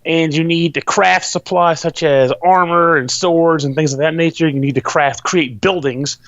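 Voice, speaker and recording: A man's voice: fairly high pitch, steady tone, normal speed, fairly bright tone, no echo, dull audio. A man hosting a podcast, explaining a game in rambling, loose and profane casual chat. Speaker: podcast host reviewing a game.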